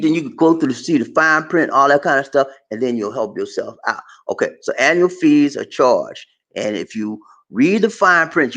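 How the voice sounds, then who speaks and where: A man giving casual money advice in an animated way, laughing often and acting out phone calls. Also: mid-range voice, roomy sound, rough recording. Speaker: personal finance vlogger.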